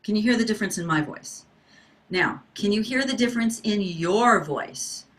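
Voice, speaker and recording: A woman's voice: mid-range voice, animated, moderate pace, a bit bright. A middle-aged woman leads an online singing workshop through a video call. She talks in an encouraging, coaching manner and keeps asking her class to wave and respond. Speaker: voice teacher.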